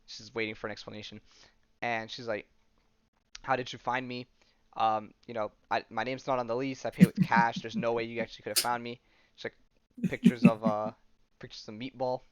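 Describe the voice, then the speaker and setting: A man's voice: mid-range voice, little pitch movement, fairly quick. A man casually retelling a comic book story on a podcast, rambling with lots of fillers. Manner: rambling, full of "she's like" and fillers. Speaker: podcast host.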